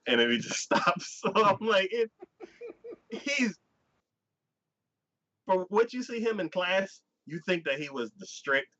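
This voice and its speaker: A man's voice: medium pitch, bright, forceful tone, highs cut off. A man hosting a casual chat, retelling a story in a rambling way with lots of fillers and little acted-out quotes. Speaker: podcast host. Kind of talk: casual anime recap chat.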